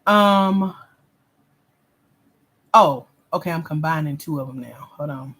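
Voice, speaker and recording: A woman's voice: sits low, takes it slowly, fairly bright tone. Blunt, sassy woman coaching on livestream. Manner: blunt, sassy, straight-talking with casual slang. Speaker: grant coach hosting a livestream. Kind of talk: livestream coaching, reading out viewer comments.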